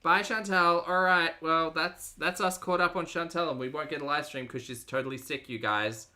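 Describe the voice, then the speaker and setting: A woman hosts a livestream reaction show, reading chat messages aloud in a chatty, sarcastic way. Her voice is low-pitched with a sharp tone, and she talks at a normal speed.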